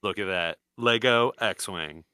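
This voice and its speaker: A man co-hosting a podcast in casual chat, animated and quick to slip into comic voices. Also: lowish voice, clear, resonant tone, dry recording, clean studio sound. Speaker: podcast co-host.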